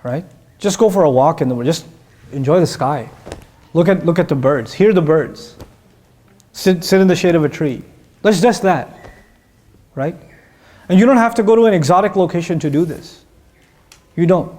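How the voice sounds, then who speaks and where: Speaking at a normal speed but pausing often, a man with a fairly high voice teaches on Quran verses. As an Islamic teacher, he tells stories animatedly and poses questions to his listeners.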